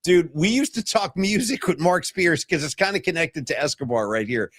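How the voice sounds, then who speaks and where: A man in his fifties hosting a sports talk podcast, telling stories in a casual, animated way. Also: fairly high pitch, moderate pace, no room sound. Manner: animated storyteller, mimics guests. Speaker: podcast host.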